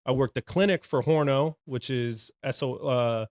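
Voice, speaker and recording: A man's voice: mid-range voice, normal speed, a little mellow, dry recording, clean studio sound. A man in his thirties, a retired Navy corpsman, telling his story as a podcast guest in a casual, frank way and laughing often.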